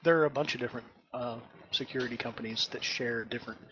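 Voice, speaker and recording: A man's voice: medium pitch, fairly even intonation, quick pace, bright, forceful tone. A man in the middle of his range chats as a player in a tabletop game and floats sly, scheming ideas. His voice comes over a slightly dull, lo-fi line with a faint hiss behind it. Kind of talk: casual tabletop play.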